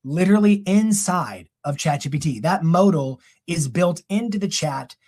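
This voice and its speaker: Energetic man giving a marketing talk. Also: on the high side. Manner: energetic, quick, conversational with self-corrections. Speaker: real estate marketing speaker. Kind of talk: live training presentation.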